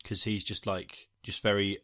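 Low-voiced man, chatty co-host. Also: little pitch movement, moderate pace, a bit bright. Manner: rambling, jokey, acts out lines in silly voices. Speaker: podcast co-host. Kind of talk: casual chat recapping a TV episode.

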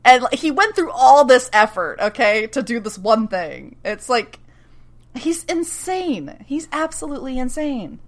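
A woman's voice: high voice, very animated, unhurried. A woman co-hosting a podcast, recapping a TV episode in casual chat, laughing often and swearing freely.

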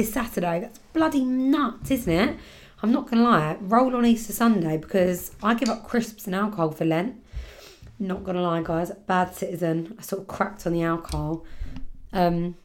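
A woman talks through a casual solo podcast catch-up. She rambles freely, fills her sentences with "like", and her voice carries a lingering sore throat at an everyday mid pitch. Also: darkish tone. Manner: chatty, rambling, full of "like". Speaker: podcast host.

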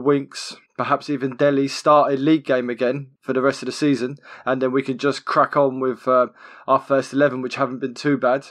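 A man in casual podcast chat about football. His voice sits at a middling pitch. He rambles with passion, tripping over words and repeating himself as he builds his point. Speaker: podcast co-host.

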